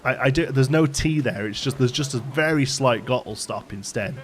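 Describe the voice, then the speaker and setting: A man's voice: medium pitch, moderate pace. An English man with a light Liverpool tinge in his accent, hosting a live stream in casual, digressive chat and laughing often. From England. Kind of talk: casual chat while building in a game. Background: faint background music.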